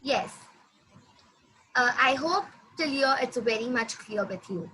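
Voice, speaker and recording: A woman teaching a language lesson, patiently repeating words slowly for her student. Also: high-pitched, animated, sharp tone, slight background noise, poor audio. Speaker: French teacher.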